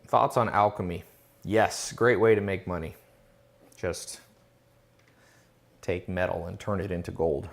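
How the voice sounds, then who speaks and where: Give me a confident man with a slightly low voice, hosting a loose live question-and-answer chat. He reads out viewers' questions, then answers in an emphatic, lecturing tone. He often makes his points with rhetorical questions. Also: steady tone, a little slow, vocal fry, long pauses.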